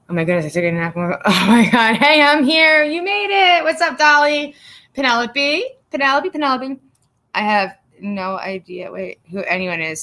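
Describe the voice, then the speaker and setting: A woman's voice: mid-range voice, pushed and bright. A blunt woman hosting her own livestream, telling stories with plenty of swearing and greeting viewers by name as they join. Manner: blunt, profane, talks straight to chat. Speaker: livestream host. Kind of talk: casual livestream chat.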